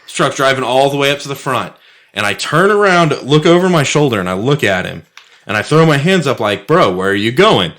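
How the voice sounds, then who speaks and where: Animated, bright-voiced profane man. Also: mid-range voice, brisk. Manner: profane, animated anecdote telling. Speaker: podcast co-host. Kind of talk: casual storytelling chat.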